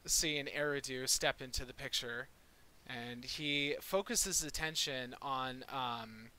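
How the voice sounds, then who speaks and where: A man's voice: medium pitch, slow pace, sharp tone, smooth. A man narrating as dungeon master, casual and rambling with many fillers. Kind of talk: narrating a tabletop game.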